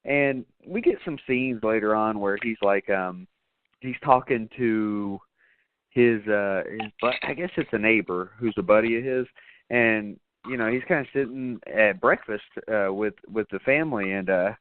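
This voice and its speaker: A man's voice: lowish voice, normal speed, narrow, tinny audio, a little hiss or hum. A man hosting a podcast, recapping a movie in loose, rambling casual chat full of fillers and swearing. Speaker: podcast host.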